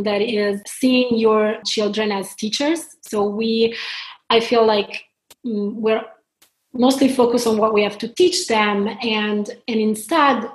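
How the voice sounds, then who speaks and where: A woman from Italy with an Italian accent, talking earnestly and reflectively as a podcast guest, often restarting her sentences. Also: medium pitch. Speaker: podcast guest, spiritual counselor. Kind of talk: casual interview talk. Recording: echoey room.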